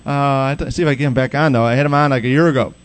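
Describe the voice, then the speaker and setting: A man's voice: mid-range voice, steady tone, racing, no echo. A man hosting a podcast, chatting casually and rambling with many restarts. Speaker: podcast host. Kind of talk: casual chat.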